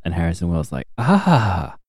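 A man's voice: deep voice, normal speed, dark tone, dry recording. A young man co-hosting a podcast, recapping a TV show in casual, crude, joking chat and acting out characters' lines.

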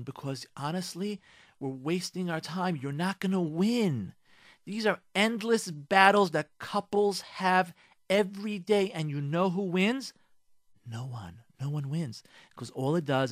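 A man's voice: medium pitch, a bit bright, no room sound, studio quality. A man, a rabbi, telling stories and giving moral advice on the radio, speaking straight to his listeners.

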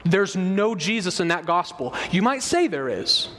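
A man with a high voice preaches an expository sermon and leans hard on repeated phrases for emphasis. His voice rings out in a hall with a long reverb. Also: sing-song, unhurried, a bit bright. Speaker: pastor.

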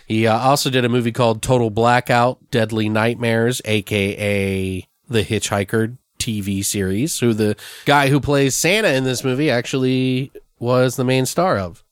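A man's voice: mid-range voice, steady tone, moderate pace, clean tone, no room sound. Podcast host, male, casual and profane, reads film trivia, dry close sound. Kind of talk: casual movie podcast chat.

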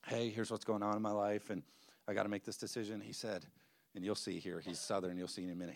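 A man's voice: lowish voice, level tone, quick pace, creaky. A man, a pastor, introducing a guest preacher at his church, telling a story with quoted voices and laughs. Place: church sanctuary.

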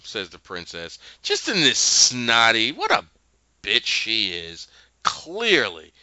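A man recaps a show in a loose, animated way, with many fillers and asides. His voice is bright and smooth, and his pitch moves a lot at an unhurried pace. The sound is dry and a little dull. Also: dry recording. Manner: animated storytelling, full of fillers.

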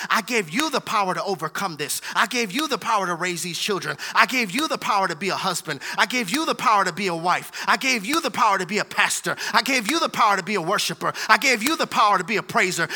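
Guy preaching, real high voice, super bright and sharp, acts out little voices. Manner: animated preaching with acted-out voices and laughter. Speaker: pastor. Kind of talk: sermon.

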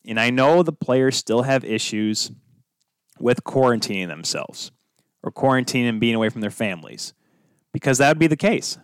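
With an expressive mid-range voice at normal speed, this man runs a solo sports podcast. The sound is clean, echo-free and studio quality, and he talks casually, wandering off topic and poking fun at himself.

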